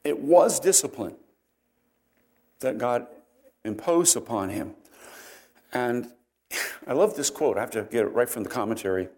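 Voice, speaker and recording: A man preaching a sermon, explaining scripture in an earnest, measured way with frequent "uh" and "um" fillers. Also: medium pitch, lively intonation, a little mellow. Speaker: pastor.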